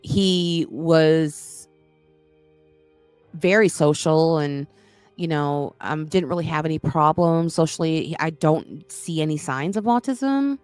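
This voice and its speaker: Woman, podcast host, low voice, frank, rambling, dry close sound. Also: slow pace, a little mellow, smooth, no room sound, soft background music. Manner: rambling, frank, self-interrupting. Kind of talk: casual chat.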